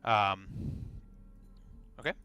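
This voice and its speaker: A man narrating as game master in a halting way, full of fillers and restarts. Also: sharp tone.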